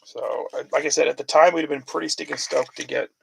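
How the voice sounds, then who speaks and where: Gravelly-voiced man chatting through a card break. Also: a little high, fairly even intonation, fast talker, a little hiss or hum, rough recording. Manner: chatty, rambling sports talk with fillers. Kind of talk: casual live card-break commentary.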